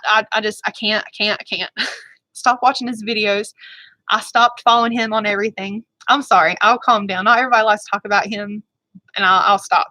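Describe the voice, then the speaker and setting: A woman beauty vlogger chats with her viewers during a casual livestream. Her voice is bright and forceful and sits a little high. She rambles, gets fired up and talks quickly, in a dry, close sound. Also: fairly even intonation, no echo, poor audio.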